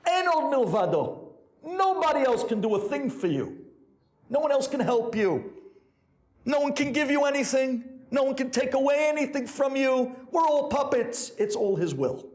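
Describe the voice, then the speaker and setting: A man's voice: sing-song, moderate pace. A man, a rabbi, telling a sermon story and acting out each character's voice. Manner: acts out characters with big pitch swings.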